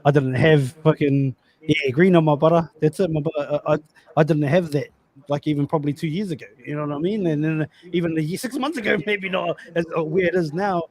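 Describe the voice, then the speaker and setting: Casual podcast co-host, Australian man in his thirties, high-pitched, slangy and profane. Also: brisk, a little mellow. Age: 30s. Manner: loose, swearing, repeats words, slangy. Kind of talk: casual chat.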